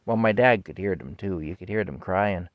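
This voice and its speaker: Folksy male storyteller, lowish voice, casual and rambling. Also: moderate pace, no room sound. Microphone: camera mic.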